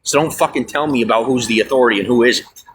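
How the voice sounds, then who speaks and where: A stressed, fired-up man venting on a livestream, swearing often and swinging from loud outbursts to low mutters. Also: fast talker, a little hiss or hum. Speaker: livestream host. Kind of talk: angry livestream rant. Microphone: phone.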